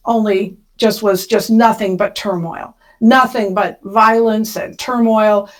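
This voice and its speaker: A middle-aged woman, a podcast guest, telling her life story in a vivid, emotional way. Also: medium pitch. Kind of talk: storytelling interview.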